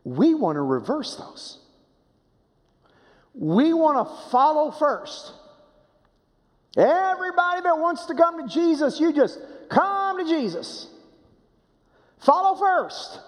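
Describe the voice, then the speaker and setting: Preaching from the pulpit, this man shifts dramatically from quiet, low lines to loud, emphatic ones and keeps repeating rhetorical questions. The audio has a long reverb tail.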